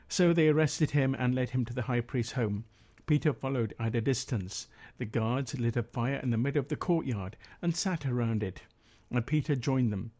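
A man's voice: medium pitch, darkish tone. A man leading a prayer meeting, reading Bible passages steadily and adding his own comments with hesitant fillers.

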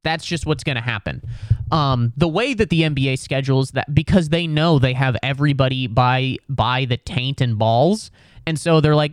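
A man's voice: medium pitch, moderate pace, no room sound. Man of 30, podcast host, sarcastic profane rant, dry close sound. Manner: profane, sarcastic, mocking put-on voices. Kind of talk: solo comedic sports rant.

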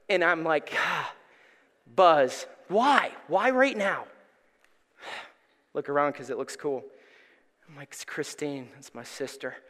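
A middle-aged male pastor telling a personal story in a sermon, animated and acting out the voices in it. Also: fairly high pitch. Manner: animated, acts out voices in his stories. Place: church sanctuary. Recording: reverberant church hall.

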